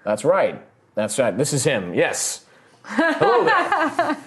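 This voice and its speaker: A man's voice: a little high, huge pitch swings, slow, fairly bright tone, pitched above the performer's own voice, heavily acted. A man voicing a friendly but wary muscular male farmer with a light American Southern drawl, in a tabletop game. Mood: wary polite. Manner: folksy, polite, a little wary.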